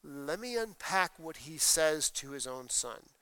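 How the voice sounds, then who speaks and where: A man's voice: on the high side, expressive, a little slow, sharp tone, clean tone, dry recording. A man preaching a sermon, explaining scripture and reading passages aloud with emphasis. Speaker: pastor.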